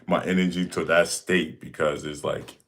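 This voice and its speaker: Deep-voiced, laid-back young man, rambling. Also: flat delivery, moderate pace. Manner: laid-back, rambling, heavy use of "like" and "you know"; slangy and blunt. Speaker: livestream host answering questions. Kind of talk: casual livestream Q and A. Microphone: desk mic.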